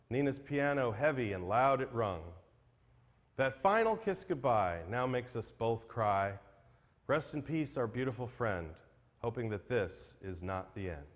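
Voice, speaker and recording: A man serving as emcee at a memorial livestream, reading tribute poems aloud with earnest, self-deprecating care, then introducing the next acts. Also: medium pitch. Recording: long hall reverb.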